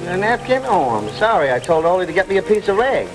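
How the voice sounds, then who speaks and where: An actor playing a brash, wisecracking Brooklyn mechanic in a 1940s film comedy. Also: male voice, high-pitched, very animated, low-quality recording. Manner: brash, fast-talking wisecracks. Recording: old film soundtrack with music.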